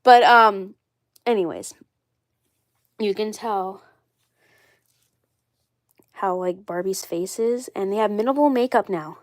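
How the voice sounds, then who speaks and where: A woman talks loosely on a live stream, her voice stuffy and congested from a cold. She sits at a middling pitch and rambles, circling back and repeating herself with plenty of "like" and "you know". The sound is dry and close, with no room around it. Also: slow pace, pauses often, no room sound. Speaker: doll collector vlogger. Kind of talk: casual live-stream chat.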